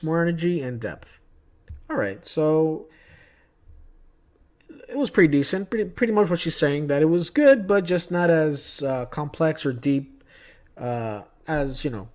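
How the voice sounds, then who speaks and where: In a slightly high voice with a darkish tone, a man vlogs casually about movie news. He's chatty and opinionated and tells anecdotes from his day.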